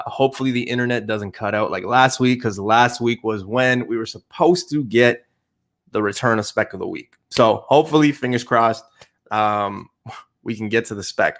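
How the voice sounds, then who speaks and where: A man's voice: mid-range voice, a bit bright. A man from Canada hosting a casual livestream chat, joking and loose with lots of fillers. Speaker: livestream host.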